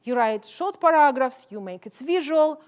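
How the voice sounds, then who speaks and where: A passionate middle-aged woman delivers a keynote in English that is not her first language. Her voice sits a little high, and her non-native phrasing comes through as she presses her points home. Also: expressive, normal speed. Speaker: professor giving a keynote. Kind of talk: keynote speech.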